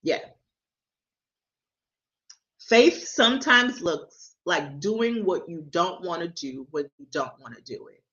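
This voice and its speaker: A woman talks straight into her livestream camera in a loose, devotional chat. Her voice is bright and forceful, and she is candid, often tripping over and repeating her words. The sound is dull and lo-fi. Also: fairly low pitch, lively intonation, slow, long pauses. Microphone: camera or phone livestream.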